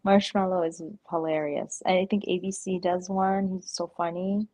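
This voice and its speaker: A woman's voice: on the low side, steady tone, normal speed, warm tone. A woman chatting casually on a livestream, rambling with lots of "like", laughing often and slipping into playful impersonations. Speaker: stream guest. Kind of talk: casual chat.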